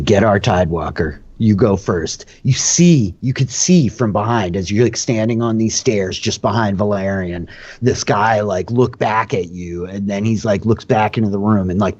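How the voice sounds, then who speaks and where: DM type, man, low-ish voice, loose filler-heavy narration, muffled lo-fi audio. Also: normal speed, a little mellow, husky. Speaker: dungeon master and host. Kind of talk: narrating a tabletop game.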